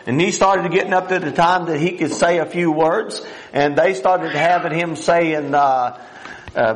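A man's voice: on the high side, poor audio. An older man preaching a sermon in a folksy, rambling way, full of restarts and plain country grammar.

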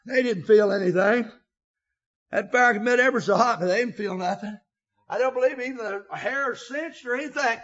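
An older man preaching an emotional sermon, often shouting, with a filler 'uh' between phrases. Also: extremely high pitch, normal speed, dull audio.

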